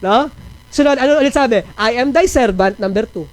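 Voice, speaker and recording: A man's voice: very high-pitched, lively intonation, a little fast, rough recording. Filipino male pastor, conversational preaching style, quizzes his listeners, jokes between points. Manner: preaching in mixed Tagalog and English, rhetorical questions, joking asides. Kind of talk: sermon. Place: church.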